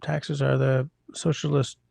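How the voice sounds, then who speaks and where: A man hosting a casual livestream from a close mic, chatty and rambling with wry asides to his viewers. His voice is gravelly at a middle pitch, and the sound is dry and close. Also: level tone, unhurried, a little mellow, no room sound. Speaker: livestream host reading chat.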